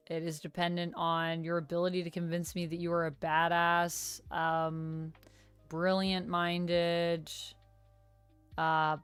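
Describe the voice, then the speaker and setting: A young woman with a lowish, clean-toned voice hosts a live stream and chats casually with her viewers. She's animated, and her voice jumps up whenever she asks a surprised question. There's no echo, and faint lo-fi music plays behind her.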